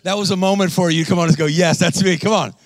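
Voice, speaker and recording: A man with a high voice preaches with rising energy, throwing rhetorical questions at the congregation and driving them home with repeated "come on"s. His voice sounds close and dry, with no room echo. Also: steady tone, racing. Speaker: guest preacher. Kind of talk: sermon. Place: church.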